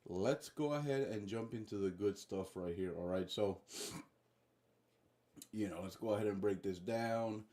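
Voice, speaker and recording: A man's voice: lowish voice, a little slow, dark tone. A man ranting casually on a livestream as political commentator, profane and rambling, constantly saying guys and bro.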